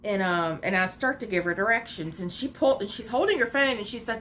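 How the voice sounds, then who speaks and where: A woman vlogger telling a story in a casual rant, animated and exasperated, laughing and repeating herself. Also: mid-range voice, fast talker, few pauses, a little hiss or hum.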